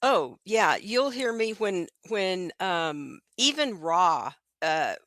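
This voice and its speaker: A woman's voice: fairly low pitch, sing-song, slow, a bit bright, dry recording. A woman guest channeler on a video call, speaking in an earnest, affirming way. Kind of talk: casual live chat. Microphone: video call mic.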